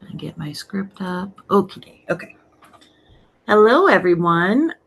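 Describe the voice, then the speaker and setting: A woman's voice: on the low side, steady tone, normal speed, vocal fry, slightly rough. Upbeat woman hosting a script reading. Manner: laughs often, upbeat. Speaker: host and narrator of an online script reading. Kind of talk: casual hosting, then reading stage directions.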